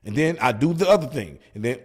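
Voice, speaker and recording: Husky pastor preaching emphatically. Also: male voice, mid-range voice, expressive, fast. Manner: repetitive emphatic preaching with rhetorical questions. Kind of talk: preaching at a Bible study. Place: church.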